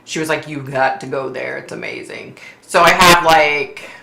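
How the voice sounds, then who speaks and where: A woman's voice: low-pitched, moderate pace, creaky, pushed and bright, reverberant. A woman who is a psychic medium, hosting a casual livestream chat, chatty and laughing often as she reads comments aloud.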